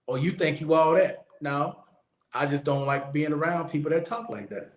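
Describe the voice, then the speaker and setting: A man's voice: fairly high pitch, fairly even intonation, normal speed. Blunt man talking in an echoey room. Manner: blunt, opinionated, repeats points for emphasis. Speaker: podcast host. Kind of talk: casual monologue.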